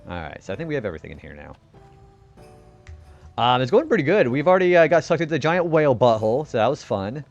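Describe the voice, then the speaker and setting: Young male game streamer, chatty, lively pitch, faint music behind. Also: fast talker, lo-fi sound. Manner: chatty and laid-back, greets viewers, laughs often. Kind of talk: casual live-stream commentary.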